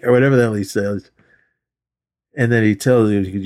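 A man co-hosting a movie podcast, retelling scenes in a casual, animated way and acting out the characters' lines with laughs. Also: medium pitch, a little fast. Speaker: podcast co-host.

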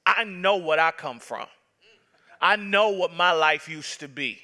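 A man's voice: a little high, measured pace, bright, forceful tone. A man in his thirties, a pastor preaching a sermon with impassioned, emphatic repetition. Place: church sanctuary. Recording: long reverb of a large hall.

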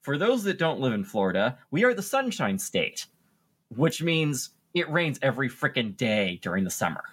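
A chatty podcast co-host who pokes fun at themself and laughs often. The pitch swings up and down in a lively way, and the delivery stays loose and conversational. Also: normal speed, breathy edge. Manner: animated, self-mocking, laughs often. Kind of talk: casual chat. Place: lives in Florida.

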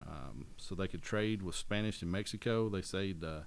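This middle-aged man has a low, creaky voice and talks at an ordinary pace. Chatting casually on a podcast, he rambles, backtracks to fix what he said, and throws in jokes.

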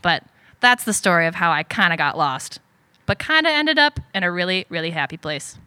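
A young woman telling a personal story on stage at a story slam, animated and self-deprecating. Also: lowish voice, brisk, smooth.

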